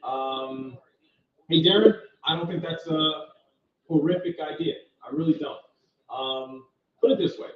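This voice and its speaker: Speaking unhurriedly in a voice on the high side, a man hosts a live trading stream and guides viewers through market charts on a shared screen. His manner is casual and direct, and he reasons aloud; the audio is roomy, distant, and dull.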